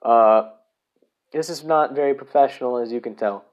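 A man's voice: medium pitch, moderate pace, darkish tone, highs cut off. A man hosting a casual solo podcast, rambling, swearing and correcting himself as he goes. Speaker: podcast host.

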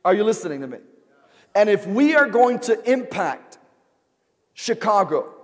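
In a spacious church sanctuary with long reverb, a man preaches at a measured pace in a high voice with big pitch swings. His call-and-response style has him repeatedly asking the congregation questions.

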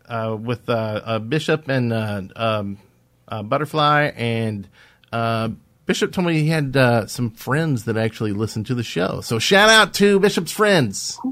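A man from Alabama co-hosting a podcast, in casual chat at a mid-range pitch. He rambles through fillers and restarts and laughs easily. The sound is dry and close. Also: a bit bright, dry recording. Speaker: podcast co-host.

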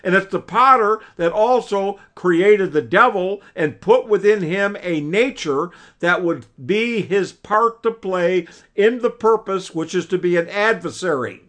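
This preaching lecture comes from a man teaching a Bible class by video call, his voice high, a bit bright, and a little slow. He is earnest and emphatic, often passing along what his old teacher used to tell him.

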